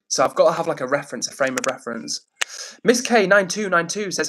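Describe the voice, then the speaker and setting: A man's voice: on the high side, expressive, fast, sharp tone, low-quality recording. A man hosting a casual live stream on his phone, chatting and reading out viewer messages. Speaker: livestream host.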